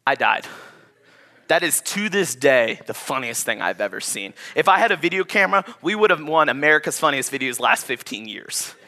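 Young male pastor, animated sermon storyteller, bright and slightly high voice. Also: normal speed.

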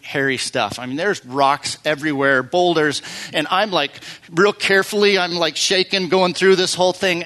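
A pastor delivers a sermon in a fairly high, bright, forceful voice. He tells stories loosely and conversationally, with fillers and restarts along the way.

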